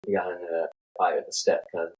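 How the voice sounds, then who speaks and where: A man's voice: deep voice, level tone, fast talker, a little mellow, rough recording. A man in casual podcast chat, laid-back and chuckling as he reacts and asks questions.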